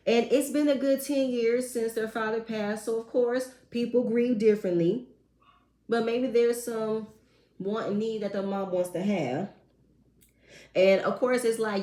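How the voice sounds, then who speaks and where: A woman's voice: on the high side, moderate pace, dark tone. A woman giving a casual, sassy recap of a reality TV episode with slangy asides. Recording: echoey room.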